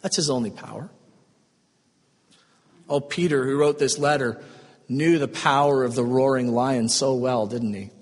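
A man preaching a sermon, swinging between strong emphasis and hushed, slow, tender passages. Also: mid-range voice, slightly rough, long reverb tail. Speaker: pastor.

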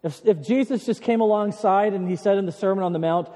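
Pastor preaching in an echoing sanctuary. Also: male voice, sits high, dark tone. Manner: earnest, with dry humorous asides; slows down and lifts his voice to stress key words. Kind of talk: sermon. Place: church sanctuary. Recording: long church hall reverb.

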